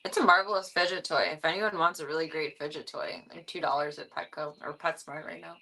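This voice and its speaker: Young woman streamer chatting about her pets, giggly, a bit of vocal fry, birds chirping faintly behind. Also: a bit bright. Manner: chatty, giggly, talks in a high sing-song baby voice to her cats. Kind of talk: casual live-stream chat with viewers and pets. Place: home stream room. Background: bird sounds and fan noise.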